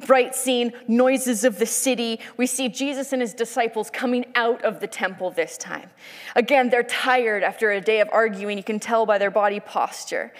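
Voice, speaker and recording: A woman preacher narrating Bible scenes like film shots, in an animated storytelling sermon. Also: fairly high pitch, moderate pace, big-room sound.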